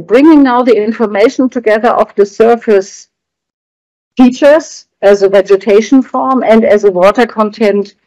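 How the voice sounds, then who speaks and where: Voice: mid-range voice, darkish tone, no echo, low-quality recording. A researcher giving a conference presentation, explaining graphs on slides in a hesitant, word-searching way.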